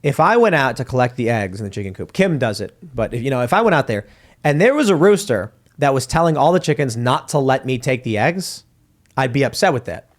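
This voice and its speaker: Animated man in casual podcast chat. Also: mid-range voice, a little fast. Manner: animated, does mocking impressions. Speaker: podcast host.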